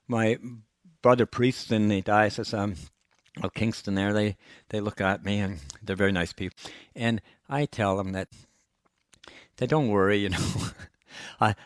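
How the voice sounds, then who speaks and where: An older man, a priest giving a gentle, folksy personal testimony that is often broken by soft chuckles. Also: on the low side, no room sound, clean studio sound.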